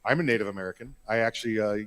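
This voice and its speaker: A man's voice: on the low side, racing, a bit bright, no echo. A man co-hosting a political talk podcast, joking and wisecracking in casual banter. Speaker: podcast co-host.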